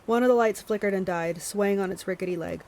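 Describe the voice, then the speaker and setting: A woman's voice: mid-range voice, fairly quick, a little mellow, rough recording. A woman hosting a book club stream, reading a novel aloud with small stumbles and self-corrections, and chatting to her viewers between passages.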